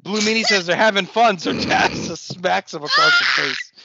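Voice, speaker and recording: A man's voice: high-pitched, wildly swooping pitch, moderate pace, creaky, muffled recording, heavy background noise. A man co-hosting a podcast, casually recapping wrestling shows and swearing freely. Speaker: podcast co-host.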